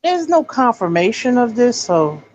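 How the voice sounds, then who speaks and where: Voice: medium pitch, big pitch swings, measured pace, a little mellow, a little hiss or hum. A guest on a boxing stream, cautious and hedging.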